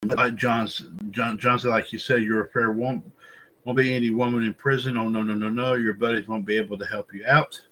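A man hosting a casual wrestling podcast, his pitch sitting in an ordinary middle range. He rambles, loops through repeated filler phrases and talks straight to his listeners as folks. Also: level tone, a little fast, fairly bright tone, low-quality recording. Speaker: podcast host.

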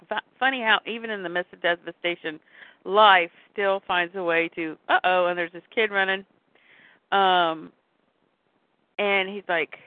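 A woman's voice: medium pitch, steady tone, moderate pace, no echo. A woman co-hosting a casual podcast, recapping a comic book and reading its dialogue aloud with light character voices. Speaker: podcast co-host. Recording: tinny phone-like line, dry.

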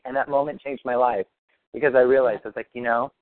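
Speaking quickly at a medium pitch and an even tone, this man runs a practitioner call in a loose coaching style, wandering, comforting, and circling back over the same points. The line is a dry phone connection with no room sound.

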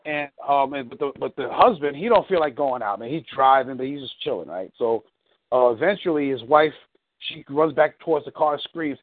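A man's voice: on the high side, lively intonation, brisk, dry recording. A male coach on a coaching call, rambling through a story with many fillers. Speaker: life coach. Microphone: phone call. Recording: tinny phone line.

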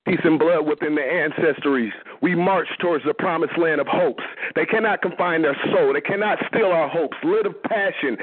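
A man with a slightly high, husky voice talks in laid-back street slang and rides a rhythmic verse. He comes through thin and tinny, like a phone call. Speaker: cypher participant. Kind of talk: casual chat and freestyle verse.

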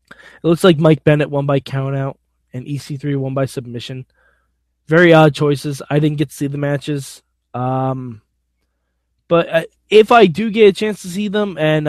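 A man's voice: a little high, a little mellow, no echo, studio quality. Blunt, opinionated man with a raised voice. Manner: opinionated, blunt, occasionally profane. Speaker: podcast host. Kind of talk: casual solo wrestling recap.

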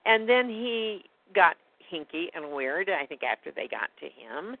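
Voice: medium pitch, very animated, measured pace. A guest telling a personal story in a rambling, indignant way during a casual phone conversation. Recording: tinny phone line, dry.

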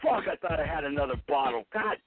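A man with a slightly high voice and lively intonation talks quickly while hosting a live stream radio show. He swears nonstop in an angry, combative rant as he drinks. The line sounds tinny and phone-like, with faint music behind it.

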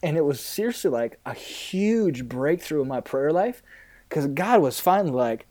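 A man's voice: on the high side, sing-song, normal speed, warm tone. Candid talkative pastor, man. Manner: candid, rambling, with fillers and laughs. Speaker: pastor, interview guest. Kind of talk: casual interview talk.

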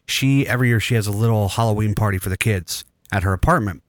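Rambling low-voiced man telling stories. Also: quick pace, no room sound, clean studio sound. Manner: rambling, storytelling with crude jokes. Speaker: podcast host. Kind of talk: casual chat.

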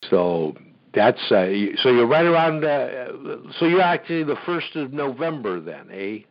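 A man's voice: mid-range voice, sing-song, a little slow. A man hosts a casual call-in discussion, rambling in a folksy, encouraging way. His voice sits in an ordinary middle register. The recording is a little dull and lo-fi. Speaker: host.

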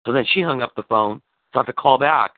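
A man telling an animated story over a call, gravelly and full of cursing as he acts out what was said. His voice is dry, with a tinny phone-line sound. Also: medium pitch, quick pace, no echo. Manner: animated storytelling, swearing, acting out quoted lines. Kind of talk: casual phone chat.

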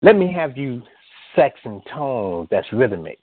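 Hoarse-ish guy doing spoken word, rhythmic, jumps up high, sounds like a phone line. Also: big pitch swings, a little slow, no room sound. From US West Coast. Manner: rhythmic, rising delivery with sudden high bursts. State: slightly hoarse. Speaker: poet. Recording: tinny phone-like line, dry.

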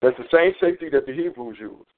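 A man calls in and talks loosely, swearing freely and stopping to search for words mid-sentence. His voice sits at an ordinary pitch and comes through a thin, tinny phone line. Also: expressive, fast talker. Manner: rambling, profane, searching for words. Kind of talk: casual radio talk.

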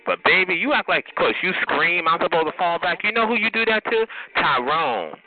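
A man's voice: high-pitched, animated, normal speed, faint music behind. Profane, taunting man on a tinny phone line. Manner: profane, taunting, confrontational, drawls "honey" and "bitch". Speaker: host of a community call-in show. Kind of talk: heated call-in rant. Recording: noisy phone-line audio.

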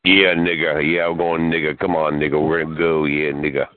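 A man's voice: extremely low pitch, little pitch movement, brisk. Aggressive, profane man on a phone. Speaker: chat line caller. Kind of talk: abusive phone trolling. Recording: tinny phone line, crowd behind.

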